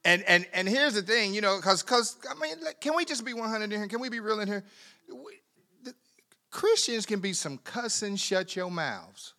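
A man preaching a sermon in a conversational way, repeating words, laughing often, and swinging from quiet asides to loud emphatic bursts. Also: sits high, expressive, normal speed.

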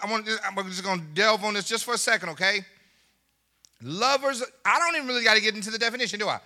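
A pastor preaching with great animation, his voice swinging widely up and down. He talks to the congregation directly, asks if they are ready and laughs between points. The man's tone is very bright and high. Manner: animated preaching, laughing asides, call and response. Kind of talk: sermon.

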